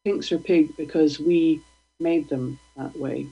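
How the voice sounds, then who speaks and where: Woman reading poetry, gravelly, husky, slow deliberate delivery, dull lo-fi stream. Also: sits low, fairly even intonation. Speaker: guest poet.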